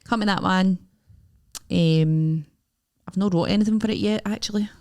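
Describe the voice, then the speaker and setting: A woman's voice: medium pitch, normal speed, darkish tone. A young Scottish woman, a comedian co-hosting a podcast, chatting and gossiping casually with her friend. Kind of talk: casual chat.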